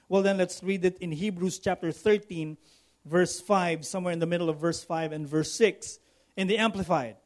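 Here a pastor preaches at a moderate pace in a voice that sits high, using rising, emphatic repetition. He echoes key phrases and invites the congregation to answer back.

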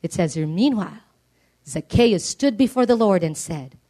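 A woman's voice: animated, normal speed, mellow. Earnest woman preacher. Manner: earnest, emphatic, rising in pitch on repeated appeals. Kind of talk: sermon.

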